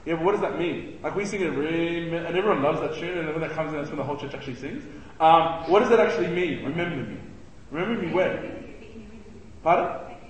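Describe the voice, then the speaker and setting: A man with a high voice leads a relaxed Bible study, bursting into animated acted-out quotes and jokes with his listeners. He is recorded in a large hall, with long reverb trailing after his words. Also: fast, far from the mic, slight background noise. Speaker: church youth teacher. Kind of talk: casual Bible study teaching.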